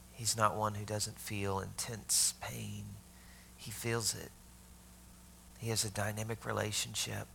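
A man's voice: on the low side, creaky, sharp tone, a little hiss or hum. A man preaching a sermon, telling the story conversationally, asking his listeners questions and dropping to a whisper for tender moments. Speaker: pastor.

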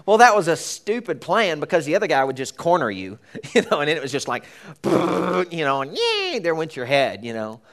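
A man's voice: on the high side, sing-song, moderate pace, gravelly, a bit bright. A middle-aged man preaching a sermon in a conversational, storytelling way, laughing and acting out the voices of the people in his stories.

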